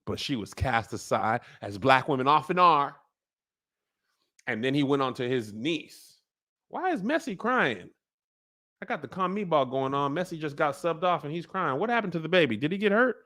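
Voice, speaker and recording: A man hosting a comedic TV recap, riffing in a slangy, animated way. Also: fairly high pitch, normal speed.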